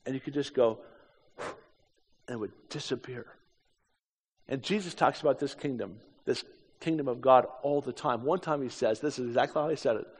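A man's voice: mid-range voice, fast talker, breathy edge. A man in his fifties from the United States, telling a story in a sermon with casual, self-deprecating asides. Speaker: preacher. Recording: echoey hall.

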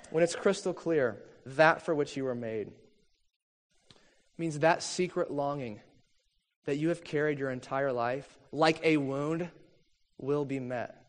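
A man preaching a sermon in an earnest, measured way, reading long quotes slowly. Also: on the high side. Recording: long reverb from a hall.

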